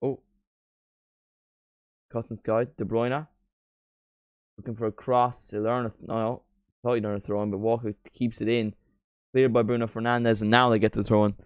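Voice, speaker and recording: A man streaming a live football watchalong, chatting casually and breaking into quick play-by-play calls. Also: mid-range voice, flat delivery, clear, resonant tone, dry recording.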